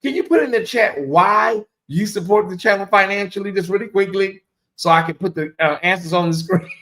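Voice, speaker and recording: A man hosting a casual livestream, reading viewer comments aloud and stretching out questions slowly for effect. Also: sits high, a bit bright. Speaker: livestream host.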